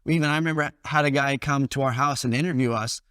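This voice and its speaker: In a documentary interview, the son of a hostage talks about his father's kidnapping in a reflective, plain-spoken way, hesitating at times. His medium-pitched voice is steady, fast, a bit bright, and clean. The dry studio recording has faint music behind it.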